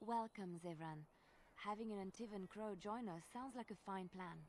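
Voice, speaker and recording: An actress playing a calm female fantasy adventurer in a video game. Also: medium pitch, moderate pace, a little hiss or hum, lightly acted. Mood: composed.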